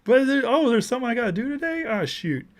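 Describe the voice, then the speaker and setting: A man putting on the voice of an aloof, airheaded woman official in a high, sing-song mocking tone. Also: sing-song, quick pace.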